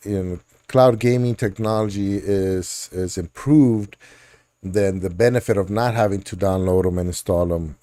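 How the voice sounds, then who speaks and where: A man with a lowish, mellow voice, hosting a relaxed chat about gaming news. He rambles, laughs easily and jokes along the way. The sound is close and dry, with no room in it. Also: no echo. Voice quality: laughs often, jokey and rambling. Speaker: podcast host.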